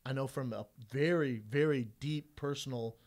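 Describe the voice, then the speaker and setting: A man's voice: mid-range voice, moderate pace, a little mellow. A man in his thirties co-hosting a podcast, talking bluntly and swearing on a studio mic. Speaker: podcast co-host. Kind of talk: casual debate.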